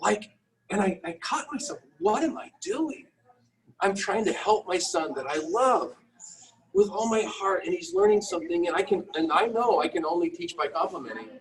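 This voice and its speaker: Lively-pitched middle-aged man telling a candid story. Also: recorded from a distance, low-quality recording. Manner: emotional, self-deprecating, halting restarts. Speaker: guest entrepreneur.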